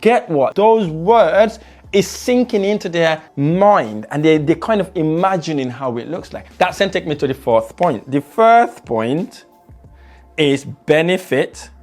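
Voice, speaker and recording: A man teaching sales techniques as a trainer, shifting his pace and loudness to stress points and repeating words for emphasis. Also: on the high side, expressive, a little slow, faint music behind. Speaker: sales trainer and property investor. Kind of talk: motivational sales lesson.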